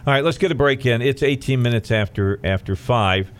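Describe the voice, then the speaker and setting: A man hosting a radio talk show, chatting with his guests in a halting, conversational way with many fillers and upbeat station breaks. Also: mid-range voice, clean tone.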